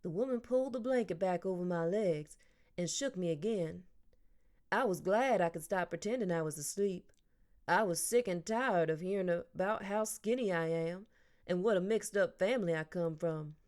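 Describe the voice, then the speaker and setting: A woman narrating a children's novel aloud in a plain, even storytelling way. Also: lowish voice, moderate pace. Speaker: audiobook narrator.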